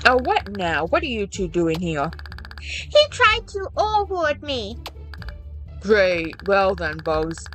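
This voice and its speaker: A woman doing a gruff, weary school principal in a game. The voice is pushed low and sounds tired and irritated. It still moves lively in pitch. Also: slow pace, faint music behind, low-quality recording.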